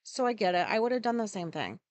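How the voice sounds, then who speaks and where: A woman's voice: mid-range voice, animated, fast talker, dry recording. A woman podcast host telling a personal story in a candid, rambling monologue, swearing freely. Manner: frank and profane, rambling with many asides.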